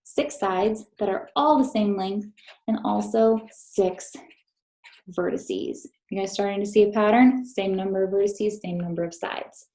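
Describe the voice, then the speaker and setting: Woman teacher for a recorded kids' math lesson, slow and deliberate, soft mellow tone, patient and encouraging. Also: mid-range voice, rough recording. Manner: patient, encouraging, talks to students directly. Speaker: third grade teacher.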